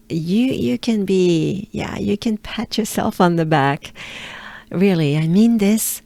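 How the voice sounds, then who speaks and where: A woman from France with a French accent, coaching pronunciation in a cheerful, encouraging way and drawing out each word slowly. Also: medium pitch, gravelly, mellow, no room sound. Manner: slow, drawn-out modeling of sounds, cheerful and encouraging. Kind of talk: pronunciation lesson.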